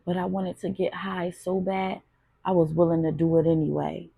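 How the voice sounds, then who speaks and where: A woman reads a gritty urban audiobook in the first person, her low voice full of gravel and breath. She tells it in a raw, confessional way, recorded close and dry. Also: completely flat delivery, normal speed, dry recording, phone-quality sound. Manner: raw, confessional street storytelling. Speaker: audiobook narrator.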